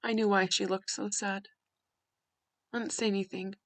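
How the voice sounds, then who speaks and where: A woman hosting a podcast, telling a personal story in a candid, conversational way with halting restarts. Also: medium pitch, level tone, no echo. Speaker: podcast host.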